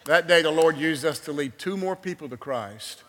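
Man, preaching, animated storytelling, high pitch, reverberant sanctuary. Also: moderate pace. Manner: animated storytelling, swings from loud exclamations to hushed invitation. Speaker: guest preacher. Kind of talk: sermon with personal story. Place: church sanctuary. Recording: long hall reverb.

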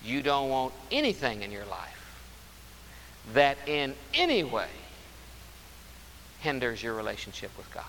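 Bright-voiced preacher in a reverberant hall. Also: male voice, mid-range voice, big pitch swings, gravelly. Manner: emphatic, drawn-out stresses and repetition. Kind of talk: sermon. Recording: roomy hall reverb with faint hiss.

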